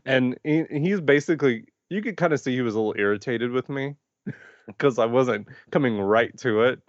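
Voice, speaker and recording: A man co-hosting a podcast in casual chat, animated and quick to laugh, often restarting his sentences. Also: mid-range voice, dry recording, dull audio. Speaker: podcast co-host.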